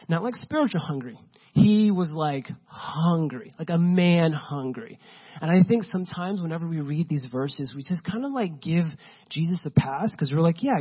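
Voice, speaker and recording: A man's voice: a little high, slightly rough, muffled recording. A man preaching a sermon in a casual, conversational way, full of fillers. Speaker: pastor.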